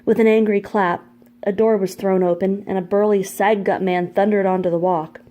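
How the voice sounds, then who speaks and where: A woman narrating a fantasy novel chapter in a measured, even storybook reading. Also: medium pitch. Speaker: audiobook narrator. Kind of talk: scripted narration.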